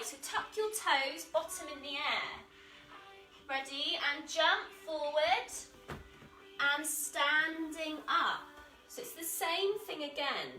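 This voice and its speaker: A woman with an English accent guiding a children's yoga class, calling out moves in a gentle, encouraging way. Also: high voice. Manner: encouraging, gentle, calls out moves while exercising. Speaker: kids yoga instructor. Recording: echoey room, voice from a distance, soft music.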